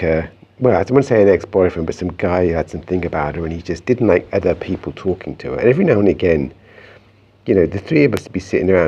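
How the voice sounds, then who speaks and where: Deep husky man telling a story. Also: mellow, muffled recording. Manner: meandering, conversational, frequent restarts. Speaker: vlogger. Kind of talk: reflective personal storytelling.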